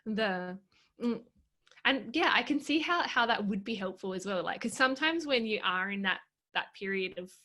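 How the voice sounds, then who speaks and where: A woman's voice: medium pitch, animated, normal speed, bright, forceful tone. Woman, interview host, hesitant, filler-heavy, agreeable. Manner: hesitant, many ums and likes, agreeable. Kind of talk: casual interview chat.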